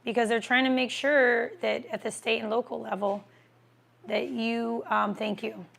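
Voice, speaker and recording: A woman's voice: on the high side, flat delivery, measured pace, gravelly, a bit bright. A woman hosting a casual livestream, chatting as she answers viewer comments and eats. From American Midwest. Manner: chatty, reads comments aloud, talks while eating.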